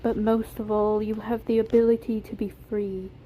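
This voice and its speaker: A woman voicing a gentle, motherly female animatronic with a light British accent and a soft, tender way of talking. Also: medium pitch, flat delivery, normal speed, slight background noise, natural voice, rough recording. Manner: soft, tender, whispery at times.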